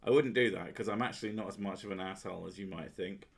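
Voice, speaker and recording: A man's voice: low voice, fast talker, gravelly. A man hosting a casual chat, sweary and sardonic, often laughing at his own jokes. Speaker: podcast host.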